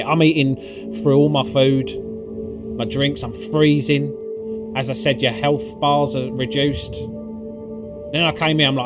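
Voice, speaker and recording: A man with a medium-pitched voice recaps a video game climb at normal speed for his gaming videos, background music playing. Excitable and foul-mouthed, he swears freely and fills his casual commentary with fillers.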